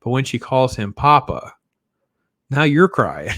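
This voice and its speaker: A man's voice: mid-range voice, animated, a little slow, a bit bright, no room sound, studio quality. A man giving a casual, enthusiastic film review, rambling with lots of fillers and restarts. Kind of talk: casual spoken movie review.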